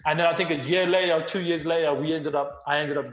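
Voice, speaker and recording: A man co-hosting a podcast, telling a story in a casual, animated way with frequent laughs and swearing. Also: on the high side, quick pace. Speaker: podcast co-host. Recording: roomy echo.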